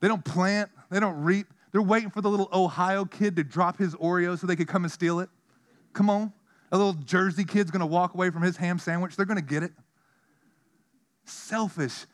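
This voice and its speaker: A man preaching a sermon as pastor, telling stories with animation, dropping to a hush and then rising loud. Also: high voice, normal speed. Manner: animated storytelling, swinging from hushed to loud.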